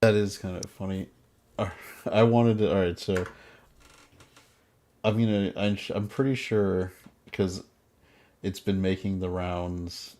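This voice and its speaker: A man's voice: sits low, fairly even intonation, measured pace, pauses often, darkish tone. A man hosting a live podcast, chatting casually and rambling through stories with laughs. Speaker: podcast host.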